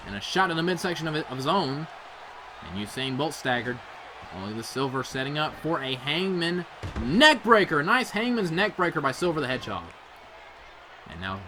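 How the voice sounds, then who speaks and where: A young man calls a video game wrestling match with a bright, lively voice that swings widely in pitch. He gets excitable and jumps to shouts on the near-falls. A faint hiss of noise sits under the recording. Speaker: play-by-play commentator.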